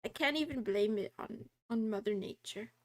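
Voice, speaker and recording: A woman streamer chatting casually with her viewers, reading study notes aloud, giggling and drifting into soft meows. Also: a little high, moderate pace.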